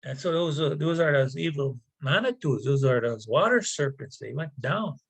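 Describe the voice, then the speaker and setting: A man telling a traditional story aloud, halting and often repeating words and phrases. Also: on the high side, lively intonation, gravelly, fairly bright tone, husky, low-quality recording. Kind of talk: oral storytelling.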